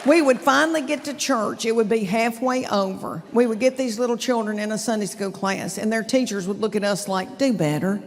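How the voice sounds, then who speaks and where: Southern female comic, 50s, higher pitch, drawling and chatty, faint room noise from a live stage. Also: a little fast, hardly any pauses, in a large hall, a faint crowd. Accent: Southern American. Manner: chatty, drawling, addresses the audience directly. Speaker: stand-up comedian. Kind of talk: stand-up comedy set. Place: theater stage before a live audience.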